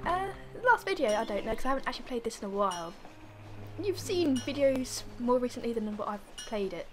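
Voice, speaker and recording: Young woman gaming host, bubbly and giggly, slightly croaky, high lively voice. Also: fairly quick, music in the background. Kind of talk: let's play commentary.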